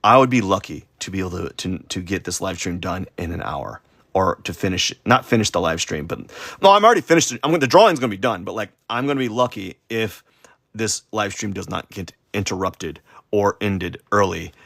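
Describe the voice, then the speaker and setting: A man's voice: low-pitched, expressive, a little fast, creaky, fairly bright tone, no room sound, studio quality. A man chatting casually on a livestream while drawing, rambling, stuttering and putting himself down. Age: adult. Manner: rambling, self-deprecating, stuttering. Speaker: streaming artist.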